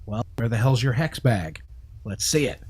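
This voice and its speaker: A man's voice: mid-range voice, moderate pace, a little hiss or hum. A man from New York co-hosting a crafting livestream, joking and reading viewer comments in casual chat, often breaking into laughter. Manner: joking, bursts into laughter, voice jumps up when excited.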